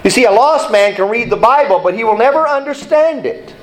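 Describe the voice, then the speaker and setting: A man's voice: very high voice, animated, a little fast, low-quality recording. A male pastor preaching an emphatic sermon, repeating key points and asking the congregation to read along.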